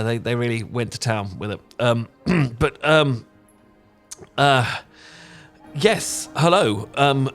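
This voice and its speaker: A British man in an audio role-play stumbles over his words and keeps apologizing. He laughs nervously between his sentences. His voice sits in a middling register, with faint music playing in the background. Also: medium pitch. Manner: laughs often. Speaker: ASMR roleplay performer.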